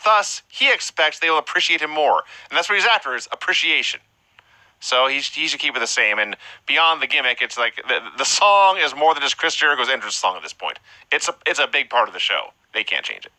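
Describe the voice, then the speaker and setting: A man's voice: medium pitch, sing-song, a little fast, pushed and bright, dry recording, rough recording. A man co-hosting a casual podcast, joking and tossing in wisecracks. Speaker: podcast co-host. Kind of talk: casual chat.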